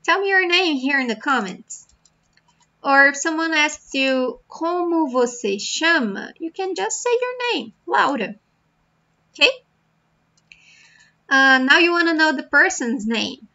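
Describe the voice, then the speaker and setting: Woman language teacher, bright tone, slightly dull recording, patient and repetitive. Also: sits high, animated. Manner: slow, patient, repeats words for practice. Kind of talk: beginner language lesson.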